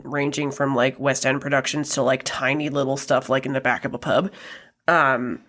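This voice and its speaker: Young woman, podcast co-host, casual film chat, lowish voice, chatty, laughs a lot. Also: fairly bright tone. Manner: chatty, laughs often, many ums and likes.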